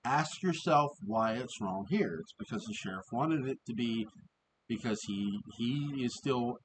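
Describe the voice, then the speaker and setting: A man giving a casual, rambling review of an old TV episode. He often restarts, fills pauses and laughs as he talks. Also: mid-range voice, lively intonation, a little hiss or hum, low-quality recording.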